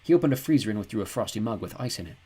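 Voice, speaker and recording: A male audiobook narrator reads the story in an even, descriptive way. His voice sits low and has a husky edge. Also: racing. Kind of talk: scripted narration.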